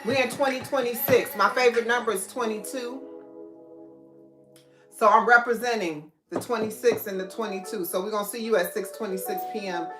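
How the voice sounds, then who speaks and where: A woman's voice: on the high side, steady tone, fairly quick. Chatty woman hosting a live stream. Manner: chatty, greets viewers by name. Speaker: livestream host. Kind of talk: casual live-stream chat. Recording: echoey room, faint music.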